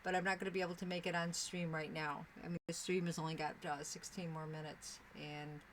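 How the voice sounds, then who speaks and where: A woman's voice: deep voice, level tone, fairly quick, fairly bright tone, a little hiss or hum, rough recording. Chatty older woman streaming from home. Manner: chatty, rambling, with fillers and restarts. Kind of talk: casual live-stream chat with viewers. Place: home sewing room.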